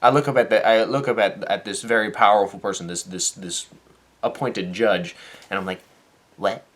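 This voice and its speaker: A young man talking casually in a vlog, acting out the people in his story with a lively, animated delivery, and turning soft and earnest when the talk gets serious. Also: on the low side, moderate pace. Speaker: vlogger and dance teacher.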